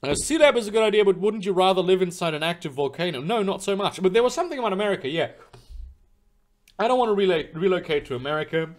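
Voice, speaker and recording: A young man answers his chat in a loose, rambling stream session, his slightly high voice swinging up and down a lot. He swears freely and stumbles through fillers and restarts as he talks. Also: lively intonation, quick pace. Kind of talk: casual live-stream chat. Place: home room.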